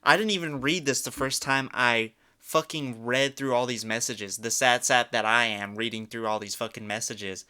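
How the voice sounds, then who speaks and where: A young man with a bright, forceful voice that stays crisp and clear, reacting to what he reads with open disbelief. He mocks and swears freely in a loose commentary style. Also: medium pitch, moderate pace, hardly any pauses. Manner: incredulous, mocking, swears a lot. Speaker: commentary YouTuber.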